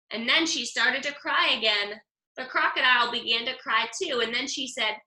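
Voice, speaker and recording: A woman reading a picture book aloud with lively, expressive storytelling. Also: fairly high pitch, normal speed, echoey room, poor audio. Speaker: storybook reader.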